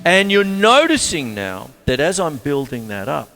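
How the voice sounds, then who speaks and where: A man's voice: on the high side, sing-song, unhurried, over loud music. A man from Australia giving a chatty, rambling drum lesson, counting beats aloud as he plays a kit. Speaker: drum teacher. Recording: long hall reverb, drums playing loudly.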